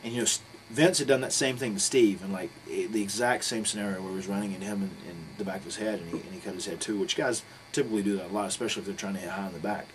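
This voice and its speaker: Man, middle-aged, rapid-fire storytelling, low voice, loud bursts for quotes, faint hiss behind. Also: low-quality recording. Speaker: guest telling a story. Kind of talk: casual shoot interview storytelling.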